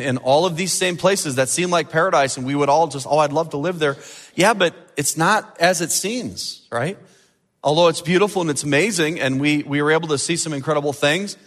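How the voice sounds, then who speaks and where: A man preaching a sermon as pastor, animated and building to emphatic peaks. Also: fairly high pitch, big-room sound.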